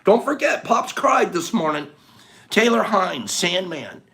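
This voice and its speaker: A middle-aged man hosting a livestream, rapidly thanking viewers by name in a warm, effusive way. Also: high voice, big pitch swings, vocal fry. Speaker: livestream host. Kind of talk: casual livestream sign-off.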